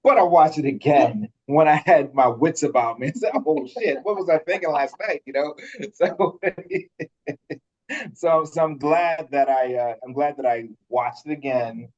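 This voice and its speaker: A man's voice: fairly high pitch, unhurried, darkish tone, muffled recording. A man co-hosting a podcast in casual chat, laughing often and swearing loosely. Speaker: podcast co-host.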